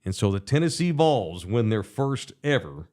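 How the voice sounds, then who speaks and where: Profane middle-aged podcast host. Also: male voice, lowish voice, sing-song, normal speed, a little mellow. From Texas. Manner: rambling, profane storytelling. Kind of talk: casual sports talk. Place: bar studio.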